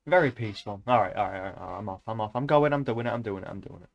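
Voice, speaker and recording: A man's voice: on the low side, very fast, gravelly, dull audio. A man streaming a casual read-aloud of a novel, breaking off into rambling, joking asides between passages.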